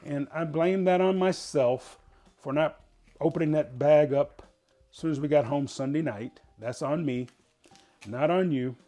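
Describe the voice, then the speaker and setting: A man's voice: on the high side, unhurried, dark tone. Folksy man hosting a home cooking demo. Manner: chatty, folksy, explains step by step. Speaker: cooking show host. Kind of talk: casual home cooking demonstration. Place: home kitchen.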